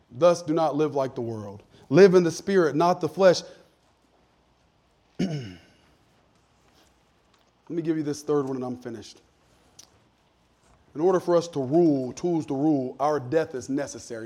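A man preaching a sermon as a pastor, talking in a conversational way that sinks to soft asides and climbs to emphatic points. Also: on the high side, lively intonation, unhurried, long pauses.

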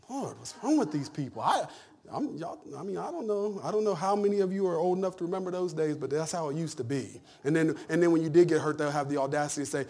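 A man preaching a humorous, animated sermon, jumping from loud punchlines to hushed asides. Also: sits high, fast talker. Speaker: pastor.

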